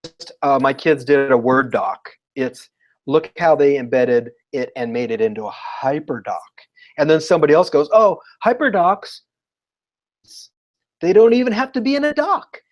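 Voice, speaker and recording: A man talking as a guest educator in a casual interview, telling lively stories and acting out what people said. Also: mid-range voice, dull audio. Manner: animated storyteller, acts out quotes.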